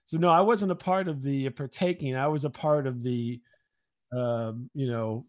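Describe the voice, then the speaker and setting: A man co-hosting a podcast, speaking haltingly with many fillers and dry wit. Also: mid-range voice, steady tone, a little mellow. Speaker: podcast co-host. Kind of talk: casual chat.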